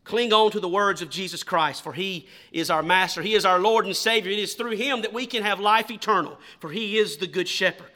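A man preaching a sermon with a high, bright voice. He drives his points home with loud, slow emphasis, then drops to hushed questions aimed at the congregation. He talks as if he is standing before his own church.

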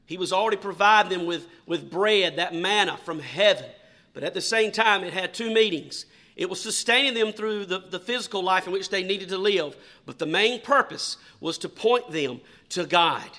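A male pastor delivers a sermon in a high voice with a very sharp, bright edge. He preaches emphatically and questions his congregation. He also reads scripture aloud. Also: normal speed.

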